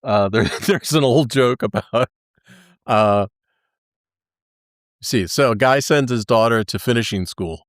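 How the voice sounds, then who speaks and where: A man's voice: mid-range voice, takes it slowly, long pauses, dry recording, clean studio sound. A man from North Carolina, hosting a casual podcast chat and telling old jokes with frequent laughs. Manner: jokey, laughs often, tells old jokes. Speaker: podcast host.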